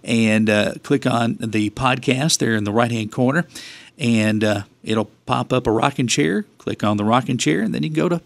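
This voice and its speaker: A man's voice: mid-range voice, normal speed, creaky, no room sound. An older man co-hosting a community radio show, making easygoing announcements and chatting casually. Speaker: radio host. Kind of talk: casual talk radio chat.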